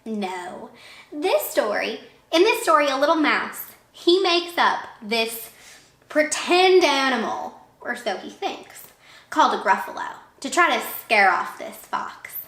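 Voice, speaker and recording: A woman teacher reading a picture book aloud to young children in an expressive way, pausing to ask them questions. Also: high voice. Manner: warm, expressive, asks questions of young listeners. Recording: echoey room.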